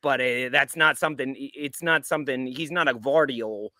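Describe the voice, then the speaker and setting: A man's voice: mid-range voice, moderate pace, pushed and bright, no room sound. A man co-hosting a casual football fan show, loose and laughing, with some swearing. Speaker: co-host.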